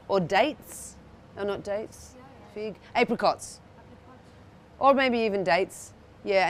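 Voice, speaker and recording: With a voice on the low side and slight background noise, an Australian woman runs a cooking workshop for an audience in an indoor room. She's chatty, keeps checking in with the group, and frequently starts her sentences over.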